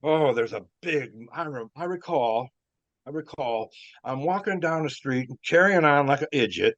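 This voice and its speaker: A man's voice: on the high side, lively intonation, normal speed, a bit bright, no echo. An older man, a former wrestler, telling rambling stories with chuckles, fillers and restarts. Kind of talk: rambling storytelling. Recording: dull dry lo-fi sound.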